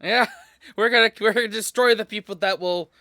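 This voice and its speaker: A man's voice: sits high, moderate pace, pushed and bright, no room sound, studio quality. A man co-reacting to a video, chiming in with short, laughing remarks. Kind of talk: casual reaction commentary.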